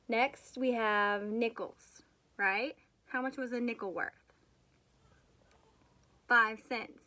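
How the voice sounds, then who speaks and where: A woman's voice: on the high side, steady tone, slow, pauses often, sharp tone. A young woman teaching young children a remote math lesson, patient and encouraging, leading them through counting and chanted rhymes.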